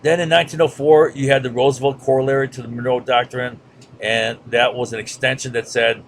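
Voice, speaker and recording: A man's voice: mid-range voice, flat delivery, fairly quick, vocal fry, a little hiss or hum. A man giving a casual history lecture over a map, with lots of fillers and "right?" checks. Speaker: history teacher.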